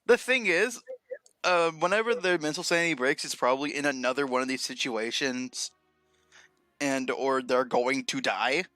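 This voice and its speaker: A man's voice: mid-range voice, moderate pace, sharp tone, dry recording, soft background music. A young man chatting casually on his writing livestream, laid-back and often laughing at himself. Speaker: streamer and writer.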